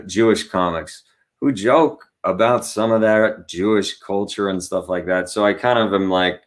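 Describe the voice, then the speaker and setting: A man, a guest comedian, chatting in an interview and telling stories with animated asides and quick voice impressions. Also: lowish voice. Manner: animated storyteller who acts out voices. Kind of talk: casual interview chat.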